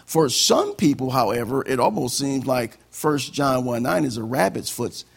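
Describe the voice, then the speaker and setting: A man preaching a sermon as pastor, animated and acting out conversations. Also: medium pitch, normal speed, vocal fry.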